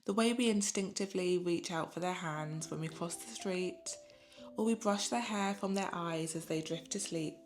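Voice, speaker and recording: A mother gives a scripted, reflective voice-over about motherhood, speaking in a gentle, unhurried and soothing way. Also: on the low side, slight background noise. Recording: voice-over with music playing underneath.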